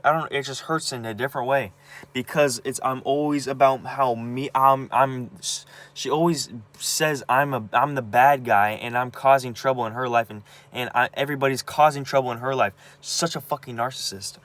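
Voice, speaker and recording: A man's voice: mid-range voice, moderate pace, a bit bright. A young man venting about his family, upset and agitated, stumbling over his words with many restarts and repeated words, and swearing heavily. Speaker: vlogger. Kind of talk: personal venting monologue.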